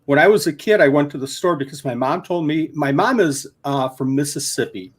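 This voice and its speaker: A man with a somewhat high voice chats casually on a livestream. He rambles, stops to fill with "um", and tells stories as he goes. He is recorded on a handheld camera. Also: a little fast, breathy edge. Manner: rambling, storytelling with fillers. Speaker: guest isopod keeper.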